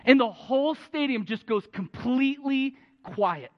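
A man preaching a sermon as a pastor, telling a story with animated, urgent peaks. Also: extremely high pitch, a little slow. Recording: dull, echoey hall.

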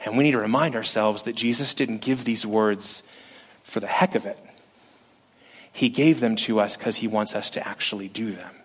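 A male pastor preaching a sermon, animated and lively, acting out quotes from scripture with shifts in pitch. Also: moderate pace, slightly rough.

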